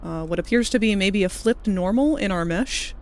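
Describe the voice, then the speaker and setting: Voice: mid-range voice, lively intonation, normal speed, a little mellow. A streamer giving casual live commentary while playing, swearing now and then and picking apart game bugs in technical terms.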